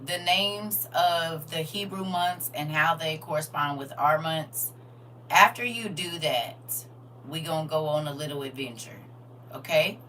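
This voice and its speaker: Low-voiced older woman teaching online. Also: unhurried, sharp tone, far from the mic, a little hiss or hum. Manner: chatty and teasing, talks straight to viewers. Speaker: Bible study teacher. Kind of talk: casual livestream Bible lesson. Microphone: phone.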